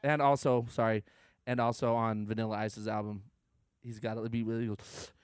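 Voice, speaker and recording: A man's voice: on the low side, flat delivery, normal speed, clean tone, no room sound, studio quality. A man co-hosting a casual podcast chat, laid-back and enthusiastic, swearing freely. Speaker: podcast co-host.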